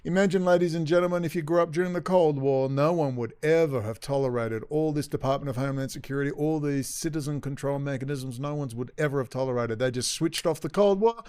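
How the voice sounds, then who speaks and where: A man's voice: a little high, quick pace, hardly any pauses, a little mellow, smooth, no echo, studio quality. Sarcastic ranting man. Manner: sarcastic, swearing, mock-frightened asides. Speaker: commentary channel host. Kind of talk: ranting commentary over news clips.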